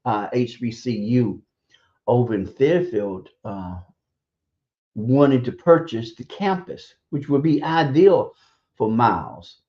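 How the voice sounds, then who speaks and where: A man giving blunt, profane, scornful opinion commentary on a radio stream, halting and hesitant between points. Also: medium pitch, lively intonation. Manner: hesitant, halting delivery with drawn-out pauses. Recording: dull lo-fi stream audio.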